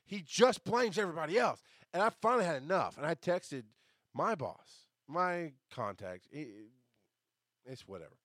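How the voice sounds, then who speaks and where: A man hosting a podcast, telling a story in a casual monologue, jumping between loud outbursts and quiet asides and swearing as he rants. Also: on the high side, very animated, normal speed, no echo, clean studio sound. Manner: swears casually while ranting. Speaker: podcast host.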